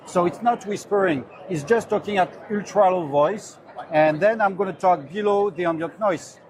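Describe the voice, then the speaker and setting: A man representing a company, earnestly explaining his product in a slightly halting way on a trade show floor. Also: sits high. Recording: loud crowd chatter behind.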